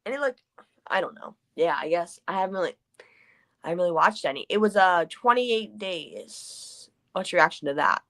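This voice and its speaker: A woman co-hosting a live chat, talking in a relaxed, rambling way. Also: lowish voice, quick pace. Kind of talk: casual livestream chat.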